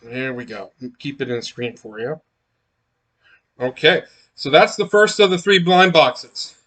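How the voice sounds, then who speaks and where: A man's voice: a little high, expressive, unhurried, sharp tone. A man chatting casually as he unboxes miniatures, rambling with many fillers and restarts. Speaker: miniatures collector unboxing blind boxes.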